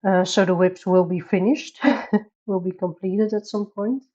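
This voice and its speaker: A woman's voice: mid-range voice, fairly even intonation, a little slow, dark tone, highs cut off. A woman from the Netherlands with a Dutch accent, chatting casually on a coloring live stream, reading chat aloud and laughing often.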